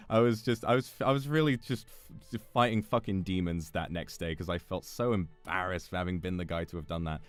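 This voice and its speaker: A man's voice: deep voice, fairly even intonation, brisk, no echo. A young British man telling a story in a casual chat, often swearing and laughing as he goes. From Britain. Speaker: streamer.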